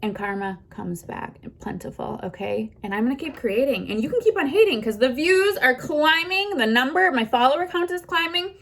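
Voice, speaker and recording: A woman's voice: sits high, animated, moderate pace, hardly any pauses, a bit bright. A young adult woman ranting defiantly to her phone from inside a car, swearing constantly. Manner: heated, profane, defiant ranting. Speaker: content creator. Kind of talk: ranting to camera.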